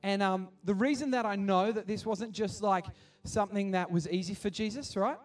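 A man's voice: sits high, moderate pace, distant mic, faint music behind. A man preaching a casual sermon at kids church, full of restarts, that builds to passionate appeals. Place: church hall.

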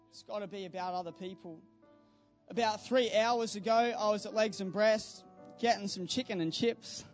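A young man preaches as a youth pastor, his voice pitched high yet staying fairly even in its melody. He speaks earnestly and pushes toward fervent calls to action. Faint instrumental music plays quietly beneath him. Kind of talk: sermon. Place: church service.

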